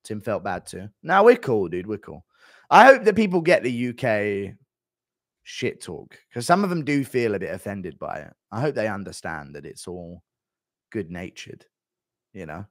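A man streaming live and reading chat messages aloud, crude and deadpan with mumbled asides. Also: fairly low pitch, normal speed, no room sound, clean studio sound.

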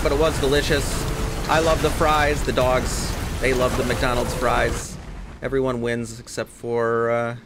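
A man's voice: mid-range voice, heavy background noise. A man hosting his gaming channel, casually commentating gameplay in a rambling, chatty way and swearing freely.

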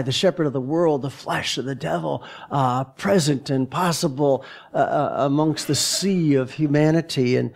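A male pastor giving a sermon in a church, halting and repeating words as he searches for his phrasing. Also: on the high side, darkish tone. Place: church sanctuary.

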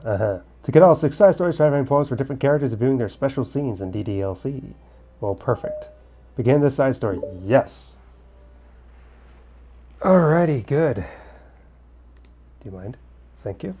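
A man's voice: mid-range voice, warm tone. Chatty man reading a visual novel. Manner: chatty, joking asides while reading the game text. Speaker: let's-play gamer. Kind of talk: casual game commentary with read-aloud dialogue. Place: at home in Korea.

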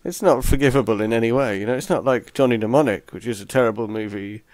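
A man's voice: mid-range voice, quick pace, darkish tone, no echo. A man co-hosting a casual film podcast, easygoing, asking short questions. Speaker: podcast co-host.

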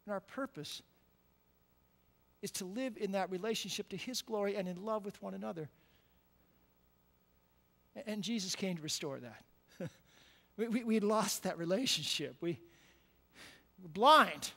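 Pastor guy preaching, bright ringing voice, long hall echo, keeps saying right?. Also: high voice, animated, measured pace, vocal fry, pauses often. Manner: conversational, repeats words, frequent "right?"; swings between quiet and loud emphatic passages. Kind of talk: sermon. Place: church sanctuary.

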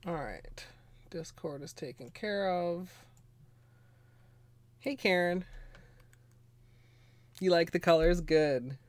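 A woman streaming nail art, chatting casually and ramblingly with viewers while a bit under the weather, clearing her throat now and then. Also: fairly low pitch, takes it slowly, pauses often, darkish tone. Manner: rambling, chatty, greets viewers, frequent laughs and fillers. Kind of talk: casual livestream chat.

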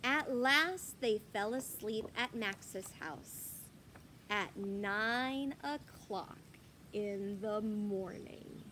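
A woman reading a children's picture book aloud, animated and asking the listener questions. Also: medium pitch, very slow, slight background noise. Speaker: storyteller.

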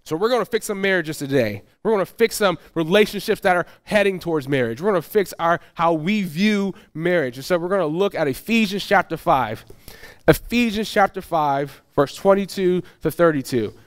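A man preaching a sermon in a relaxed, conversational way, often restarting his phrases and slipping into quick acted asides. His voice sits a little high for a man and sounds smooth and clear. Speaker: pastor.

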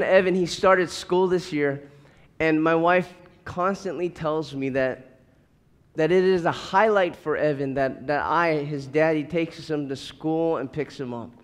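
A pastor in his thirties preaches with a high, bright-edged voice, earnest and pressing, often doubling words as he builds toward a point. The sound carries a long reverb tail, as in a large hall. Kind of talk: sermon.

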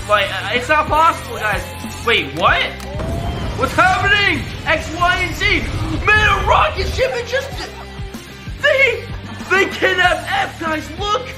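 A young man hosting a reaction video, excitable and exclaiming often, constantly addressing his viewers. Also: very high voice. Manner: excitable, exclaims often, keeps saying "guys". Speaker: reaction channel host. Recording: background music under voice.

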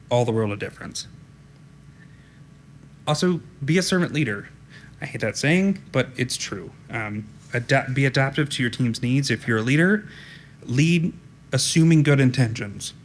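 A man giving a conference talk in a flat, direct, informal way, often saying "um". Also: medium pitch, normal speed, a little hiss or hum. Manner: direct, informal, frequent ums. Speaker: conference speaker. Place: conference room.

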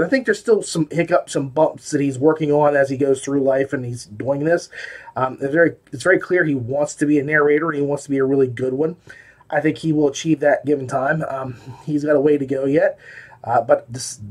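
In a casual spoken review, a man wanders through his thoughts on audiobooks with many fillers and restarts, looping back on himself. It's relaxed podcast talk, not polished, in a slightly rough voice pitched a bit higher than most men's.

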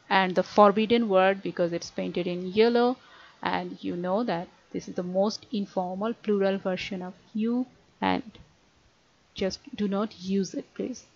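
Young woman teaching, really slow and careful, dull lo-fi sound. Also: medium pitch. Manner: slow, careful explanations with frequent uh fillers. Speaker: language teacher. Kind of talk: online grammar lesson. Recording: dry, dull lo-fi recording.

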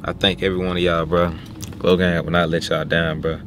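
A man's voice: low voice, level tone, quick pace. A young man from Little Rock, Arkansas, talking casually and reflectively to his viewers as a vlogger, with slang. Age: 20s. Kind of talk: casual vlog talk to viewers. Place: inside a car. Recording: noisy car interior.

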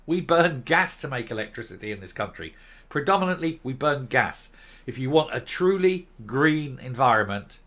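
A man's voice: fairly high pitch, animated, normal speed, pushed and bright. An older man hosting an opinion commentary show, scornful and sarcastic, firing off rhetorical questions. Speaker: host.

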